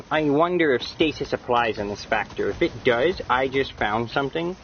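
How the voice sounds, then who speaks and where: A man casually commenting on a co-op game he is streaming, excitable and swearing, breaking into loud yelps. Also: medium pitch, moderate pace, highs cut off, a little hiss or hum. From Canada. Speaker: gamer streaming co-op play.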